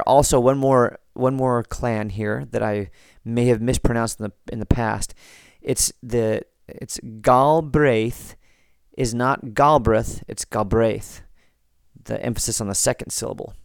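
An American man hosting a podcast, reading listener comments and chatting in a relaxed, rambling way with frequent restarts. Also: medium pitch, moderate pace, vocal fry, hardly any pauses, clean tone, no echo, studio quality. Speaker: podcast host.

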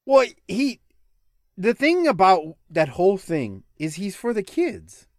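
A man's voice: high-pitched, big pitch swings, takes it slowly, dry recording, clean studio sound. A man co-hosting a casual podcast, laughing and rambling. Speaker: podcast co-host. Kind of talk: casual chat.

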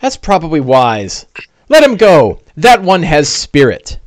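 A man's voice: a little high, wildly swooping pitch, measured pace. Guy doing a jumpy polite sidekick, stammery and fussy, voice bouncing all over. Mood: mild. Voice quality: nervous, stammering, genteel. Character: timid, fussy, polite adult male companion.

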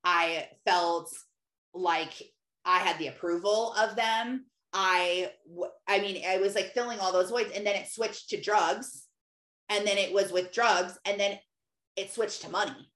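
Chatty woman, thirties, rambling testimony, mid pitch, roomy echo. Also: a little slow, a bit bright. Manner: rambling, heavy use of "like". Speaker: speaker sharing a faith testimony. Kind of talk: casual personal testimony.

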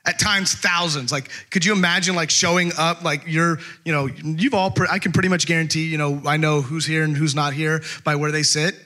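A man preaching a casual, conversational sermon, telling a personal story with lots of fillers and animated asides. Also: fairly high pitch, fairly quick, few pauses. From California. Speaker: pastor.

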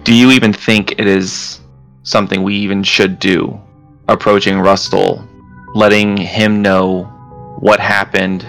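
Low gravelly guy playing his character, earnest n careful. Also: flat delivery, unhurried, a bit bright, faint music behind. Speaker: player. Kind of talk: tabletop role-play.

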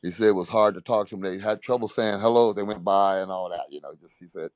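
Low-pitched man, ex-basketball player, spinning a yarn with animated, laugh-filled delivery. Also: fast, no room sound. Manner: animated storyteller, repeats "he said", laughs often. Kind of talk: casual anecdote telling.

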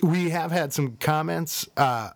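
A man hosting a casual podcast in a relaxed, meandering way. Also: a little high, slow pace, gravelly, dry recording. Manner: easygoing, many fillers and restarts. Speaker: podcast host.

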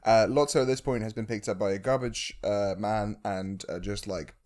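A man on a podcast retelling a film in casual chat, halting and hesitant with many fillers. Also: on the low side, fairly even intonation, a little mellow. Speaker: podcast co-host.

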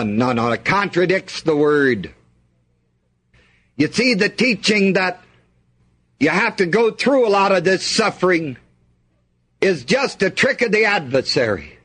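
Husky, slow-talking preacher man. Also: high voice, bright, forceful tone. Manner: reads scripture aloud and asks the congregation to fill in words. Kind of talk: sermon.

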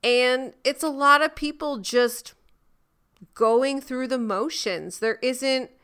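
A woman co-hosting a casual TV recap podcast, playful and quick with quips, who also wraps up the episode. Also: high-pitched, a bit bright, clear, resonant tone. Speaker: podcast co-host.

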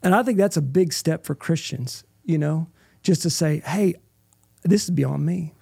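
A middle-aged man tells a deeply personal story with a heavy gravelly rasp and a husky edge to his slightly high voice. His tone is dark and earnest, and he keeps checking in with the listener. The sound is close and dry, with no room around it. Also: a little slow, dry recording. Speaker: interview guest.

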